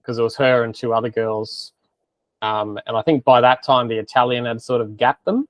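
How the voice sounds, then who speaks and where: A man's voice: medium pitch, normal speed, no room sound. A man co-hosting a podcast, chatting in a laid-back, matey way. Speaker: podcast co-host. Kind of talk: casual chat.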